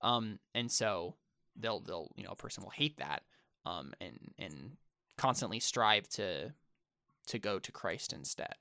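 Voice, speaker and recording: A young man speaks thoughtfully in a casual podcast chat. He rushes through phrases in bursts and lets his voice fall quiet at the ends. The sound is dry and close. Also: on the low side, expressive, vocal fry, no echo. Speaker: podcast co-host.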